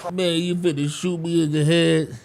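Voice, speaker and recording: A man's voice: on the high side, flat delivery, normal speed, gravelly, darkish tone, slight background noise. A man voicing a paranoid, frightened male traveler ranting in anxious street slang.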